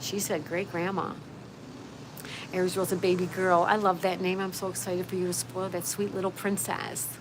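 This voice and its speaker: A woman's voice: fairly low pitch, little pitch movement, moderate pace, noisy background. Friendly woman reading live chat outdoors. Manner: friendly, reads viewer comments aloud and answers them. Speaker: livestream host. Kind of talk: casual livestream chat reading comments. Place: outdoors, with a view.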